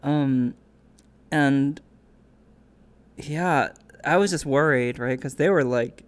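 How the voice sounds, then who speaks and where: A young woman streamer talking casually, animated and laughing, who now and then squeaks into quoted voices. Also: slow pace. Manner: animated storyteller, laughs often, jumps to squeaky voices when quoting. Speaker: interviewer, streamer.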